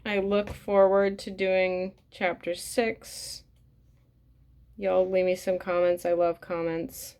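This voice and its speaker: A woman's voice: fairly low pitch, level tone, takes it slowly, a little mellow. A woman reading a book aloud and commenting bluntly and casually, swearing often with plenty of fillers. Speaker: reader and commentator.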